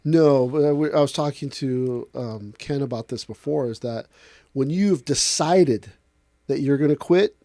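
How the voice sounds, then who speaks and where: A man, an aikido instructor, in a casual podcast talk, telling lively stories and acting out other people's lines. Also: mid-range voice, unhurried, dry recording, studio quality. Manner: animated storyteller acting out other people's voices.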